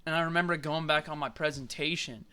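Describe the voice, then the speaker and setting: A young man with a bright, ringing voice that sits a little high, chatting casually on a podcast. He tells long, rambling stories, swears freely and laughs often. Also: fairly even intonation, fast, clear, resonant tone. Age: young adult. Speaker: podcast host. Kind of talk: casual chat.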